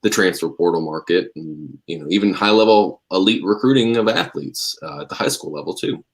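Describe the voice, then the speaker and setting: Deep, husky-voiced male reporter. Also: lively intonation, fairly quick. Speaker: guest sports reporter. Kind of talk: casual sports radio talk.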